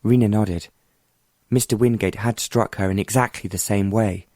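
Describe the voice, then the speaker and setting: A man narrating an audiobook in calm, measured storytelling. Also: on the low side, dry recording, studio quality. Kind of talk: scripted narration.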